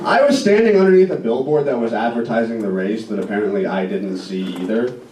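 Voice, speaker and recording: A young man from Indiana doing a stand-up set with self-deprecating, deadpan punchlines. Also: medium pitch, fairly quick, a little hiss or hum. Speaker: stand-up comedian. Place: comedy club stage. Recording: roomy club recording from far off. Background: audience laughter.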